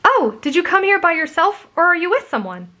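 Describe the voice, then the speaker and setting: A woman's voice: very high voice, big pitch swings, fairly quick, pushed and bright, pitched above the performer's own voice, heavily acted. A woman voicing a cheerful, bubbly teenage girl who encourages her friend, in a whispered role-play. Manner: bubbly and upbeat.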